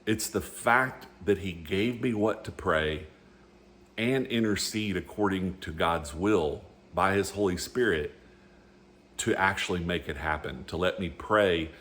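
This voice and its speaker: A man's voice: low-pitched, measured pace, a bit bright. A middle-aged man telling a personal faith story in a rambling, earnest way. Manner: rambling and earnest, with frequent restarts. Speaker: storyteller sharing a faith testimony. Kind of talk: casual spoken testimony.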